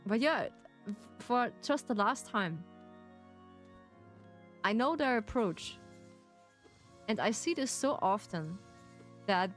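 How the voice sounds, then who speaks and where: A woman with a German accent chats with her stream viewers in an unhurried, teasing way and breaks into laughter often. Her voice sits a little high. Soft music plays faintly behind her. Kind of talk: casual chat with viewers.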